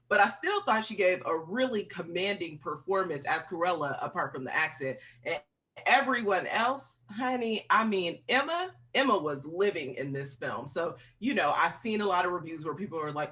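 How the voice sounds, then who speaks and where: Sassy, lively film critic. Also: medium pitch, normal speed. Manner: sassy and expressive, with playful asides. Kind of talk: roundtable movie review chat.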